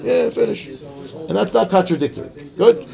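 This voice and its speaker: A man teaching a casual Talmud class, explaining quickly and checking in with his students. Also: high-pitched, animated, gravelly, a crowd in the background. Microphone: class microphone.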